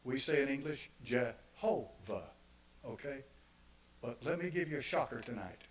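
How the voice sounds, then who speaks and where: A male pastor preaching a sermon, repeating phrases for emphasis and swinging from quiet asides to loud, emphatic declarations. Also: mid-range voice, a little fast, poor audio.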